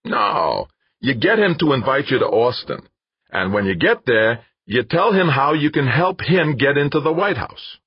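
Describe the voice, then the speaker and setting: A man voicing a crafty, eager male PR director who talks in an insistent, excitable way. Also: mid-range voice, a little slow, breathy edge, no echo, voice pushed up, heavily acted. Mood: persuasive. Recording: dull lo-fi dry recording.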